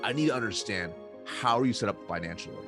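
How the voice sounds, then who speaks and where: A man voicing an older male professor and protective father, who speaks in a measured, formal, earnest way. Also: lowish voice, animated, music in the background, natural voice. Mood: insistent.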